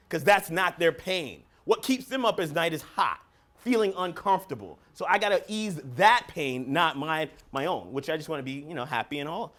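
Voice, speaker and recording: A man speaking with a notably high voice as he gives a motivational seminar as a business coach. He talks in an energetic, emphatic way, acting out little phone calls for the crowd. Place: seminar room with live audience.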